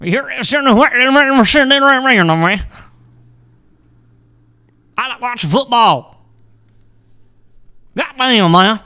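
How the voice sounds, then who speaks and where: A man putting on a loud, mocking caricature of a thick Southern drawl. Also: extremely high pitch, takes it slowly, pauses often, clean tone, voice pushed up, heavily acted. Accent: exaggerated Southern US drawl.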